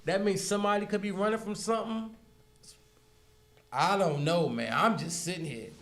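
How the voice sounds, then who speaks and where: A man telling a story as a podcast guest, speaking in slangy, animated style and acting out the dialogue. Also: high-pitched, normal speed.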